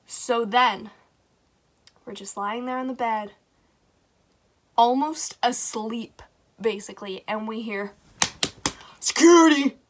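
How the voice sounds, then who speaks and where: A woman telling a casual storytime vlog, chatty and animated, swearing freely. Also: on the high side, slow, pauses often, a little hiss or hum. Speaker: vlogger.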